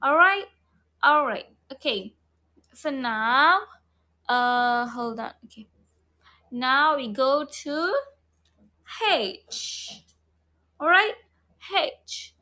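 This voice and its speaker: A woman's voice: high voice, lively intonation, slow, long pauses, sharp tone. A woman teaching phonics online, repeating each sound over and over and checking in with the learner. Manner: models mouth shape and breath for learners.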